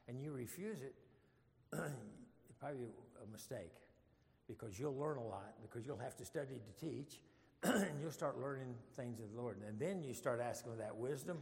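A man's voice: mid-range voice, normal speed, creaky, darkish tone. An older man teaching a casual Bible study in church, folksy and rambling, with frequent chuckles. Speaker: preacher. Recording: long hall reverb.

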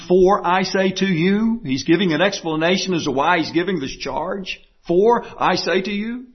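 Male preacher, slightly raised pitch, husky tone, emphatic sermon delivery, muffled lo-fi recording. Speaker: pastor. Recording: dull lo-fi sound.

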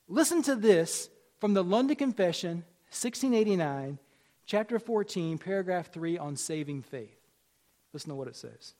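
A man's voice: on the high side, sing-song, moderate pace, a little mellow. A man in his forties preaching a sermon in a conversational way, repeating phrases and rising for emphasis. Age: 40s. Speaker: pastor.

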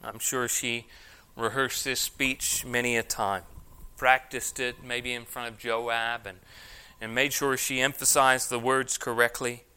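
A man's voice: medium pitch, little pitch movement, measured pace, sharp tone, clean tone. A man preaching an expository sermon, reading scripture aloud with emphasis and then explaining it. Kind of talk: sermon, expository Bible teaching.

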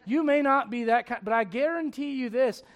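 A man in his forties preaching a sermon. He moves from loud urging to quiet confiding. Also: very high voice, normal speed. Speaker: pastor.

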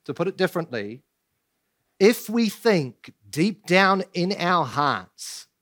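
A man's voice: sits high, big pitch swings, slow, fairly bright tone. A man preaching a sermon as pastor, asking rhetorical questions and pressing his points with emphasis. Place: church.

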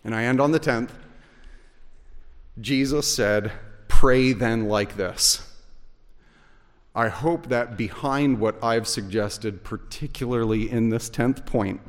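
A male pastor delivers a sermon in an unhurried, deliberate cadence, his earnest voice carrying a long reverb through a large church sanctuary. His pitch sits in an ordinary middle register. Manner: earnest, rising to shouts for emphasis.

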